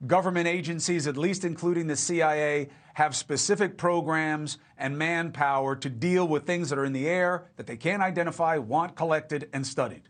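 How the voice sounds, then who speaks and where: Male news host, conversational, punchy, slightly high-pitched. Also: moderate pace, hardly any pauses. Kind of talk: cable news presenting.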